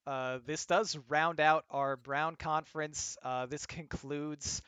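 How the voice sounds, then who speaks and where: A man with a slightly higher voice hosts an esports stream, recorded dry and close. He talks casually with plenty of fillers and reads promo copy quickly and brightly. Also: steady tone, clean tone, no echo. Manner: reads rapid-fire sponsor spots quickly and upbeat. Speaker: host of esports league show.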